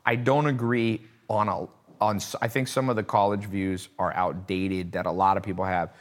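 Animated man telling stories. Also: on the low side, moderate pace. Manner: animated storyteller, mimics voices. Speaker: guest. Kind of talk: casual podcast conversation.

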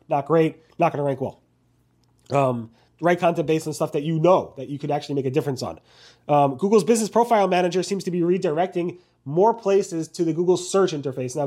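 A man hosting a weekly search news video recap, talking rapidly with frequent ums and self-corrections. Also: fairly high pitch, dark tone. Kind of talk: fast solo news recap to camera.

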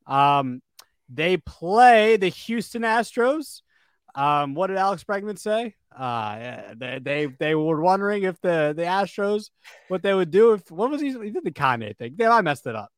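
A man's voice: sits high, very animated, normal speed, clear, resonant tone, dry recording, studio quality. A man co-hosting a casual sports podcast, rambling with fillers and restarts. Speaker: podcast co-host.

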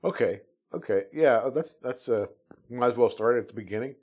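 A man in his fifties from the United States tells his service stories in a relaxed, conversational way. He rambles, often restarts his sentences, and fills the pauses with "uh." His voice sits in an ordinary middle pitch. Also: breathy edge. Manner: rambling, with many restarts and fillers. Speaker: Navy veteran telling his story. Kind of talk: casual storytelling.

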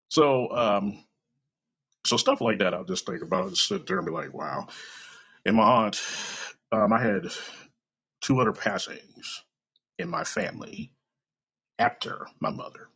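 A man's voice: mid-range voice, big pitch swings, a little slow, vocal fry, long pauses, fairly bright tone, husky. A middle-aged man hosting a podcast, talking casually in a blunt, profane storytelling way. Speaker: podcast host. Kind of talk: casual monologue. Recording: dull lo-fi recording.

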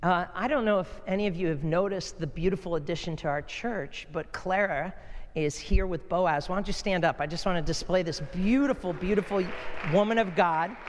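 A male pastor delivering a lively storytelling sermon to his church. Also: moderate pace, in a large hall, a little hiss or hum. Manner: animated storytelling, rises high when excited.

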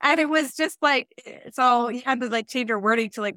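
Podcast co-host: young Canadian woman, smooth clear voice, dry close sound, loose rambling chat. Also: a little high, steady tone, brisk, pushed and bright, no room sound. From Eastern Ontario, Canada. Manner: rambling, self-correcting, conversational. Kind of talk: casual podcast discussion.

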